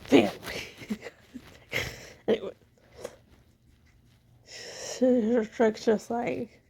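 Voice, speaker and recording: A woman's voice: a little high, steady tone, takes it slowly, vocal fry, long pauses, dark tone, husky. A woman casually rambling through her own story ideas, amused at herself. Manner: rambling, self-amused, many fillers. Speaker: amateur story writer.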